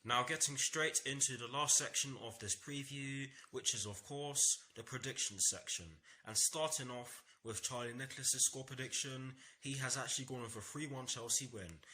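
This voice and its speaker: A man's voice: medium pitch, moderate pace, hardly any pauses, sharp tone, a little hiss or hum. A young man hosting a football fan vlog, talking earnestly in repetitive phrases with some stammering. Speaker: football fan channel host. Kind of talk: match preview vlog.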